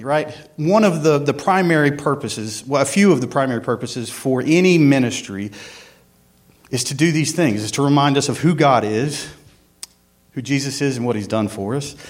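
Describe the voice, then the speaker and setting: Folksy church worship leader. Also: male voice, medium pitch. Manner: folksy, rambling with many ums and uhs. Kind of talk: casual sermon with prayer and joke. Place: church sanctuary.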